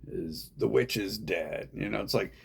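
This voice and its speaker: Slow gravelly man rambling. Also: fairly low pitch. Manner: meandering, profane, repeats himself. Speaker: vlogger. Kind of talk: rambling monologue.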